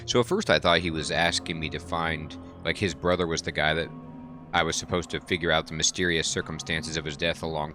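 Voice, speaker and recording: A man gives casual commentary on a game playthrough and thinks aloud with plenty of fillers. His voice is low but bright and forceful. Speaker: let's play host.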